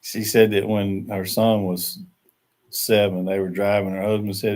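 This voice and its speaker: A man's voice: lowish voice, level tone, normal speed, darkish tone. An older man, chatting and joking easily as host of a casual live stream from a rural camp.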